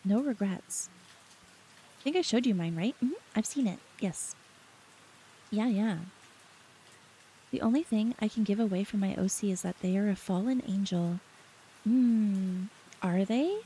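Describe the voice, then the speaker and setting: A young adult woman streaming late at night, chatting softly with her chat, reading their messages aloud and often laughing. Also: mid-range voice, a little hiss or hum, rough recording. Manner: soft, giggly, reads chat aloud.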